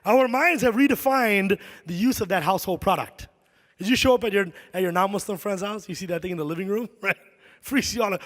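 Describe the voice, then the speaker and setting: A middle-aged man doing a stand-up comedy set in a large concert hall, animated and shouting his punchlines. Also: sits high, fairly quick.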